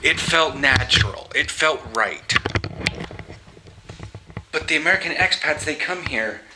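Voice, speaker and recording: A man from the US Pacific Northwest giving opinionated vlog commentary, halting and restarting his sentences, with wry asides. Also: on the high side, expressive, noisy background. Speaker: vlogger.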